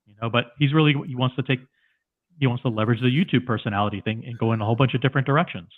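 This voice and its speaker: A man's voice: mid-range voice, racing. A man talking in a livestream chat, emphatic and repeating himself as he makes his point. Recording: tinny phone-like call audio.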